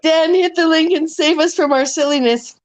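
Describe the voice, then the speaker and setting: A woman chatting casually on a live stream, giggling a lot and short of breath from laughing. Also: very high-pitched. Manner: giggly, slow, drawn-out. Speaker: co-host.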